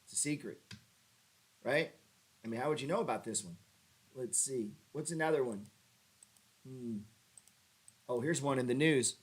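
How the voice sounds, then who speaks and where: Brief: man, streamer host, mid pitch, profane and sarcastic, mocking chat while walking through charts. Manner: animated pitch jumps when ribbing viewers. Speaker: stock trading livestream host. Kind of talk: casual livestream chart talk.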